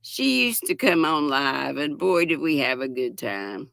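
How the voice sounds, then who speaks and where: An older woman chats slowly and warmly through a yarn show-and-tell, greeting viewers as she goes. Her voice is bright with a gravelly edge, and the sound is dry and close. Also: deep voice, animated, no echo. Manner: chatty, reads viewer comments aloud with affectionate greetings. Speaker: livestream host. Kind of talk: casual chat while showing yarn.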